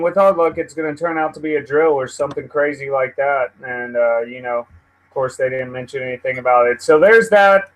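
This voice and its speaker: A man's voice: medium pitch, low-quality recording. A man hosting a casual live news stream, swearing and venting at his computer as he rambles. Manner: profane, easily frustrated, rambling. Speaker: livestream host.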